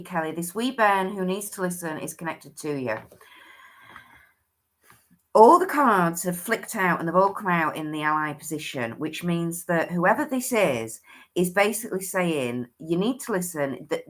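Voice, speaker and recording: A woman's voice: lowish voice, animated, normal speed. A woman hosting a livestream, giving a chatty oracle card reading that often restarts and thinks aloud.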